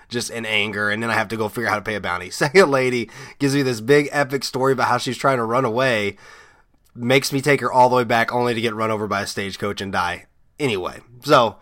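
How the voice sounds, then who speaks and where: A man's voice: medium pitch, a bit bright. A man hosting a podcast, telling rambling, amused stories in a casual monologue full of fillers and restarts. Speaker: podcast host.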